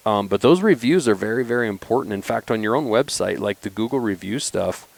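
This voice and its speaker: A man in his forties, a company founder and podcast guest, chatting casually and telling animated hunting stories. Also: on the low side, brisk, vocal fry. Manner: animated, acts out quoted voices when telling stories. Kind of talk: casual storytelling chat.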